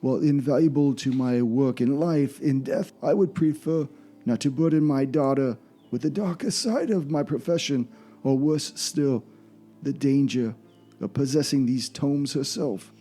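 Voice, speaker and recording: A man's voice: medium pitch, a little slow, warm tone, faint music behind, pitched above the performer's own voice, natural voice. A man voicing a formal, grave old male scholar, reading out his will in a tabletop game. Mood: solemn.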